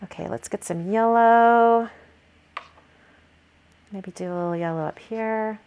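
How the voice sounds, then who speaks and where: A woman's voice: fairly high pitch, a little slow, a little mellow, clean tone, dull audio. A woman hosting a card-making video, talking casually through her painting steps and thinking aloud with frequent fillers. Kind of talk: casual craft tutorial narration.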